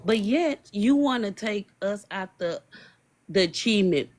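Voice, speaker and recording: A guest speaker with a Southern US accent talks in a mid-range voice, driving each point home in a quick, lecturing way. The delivery stays intense and fervent throughout the discussion. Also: medium pitch, lively intonation. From Southern United States. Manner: passionate, rapid, lecturing tone. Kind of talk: live-stream discussion.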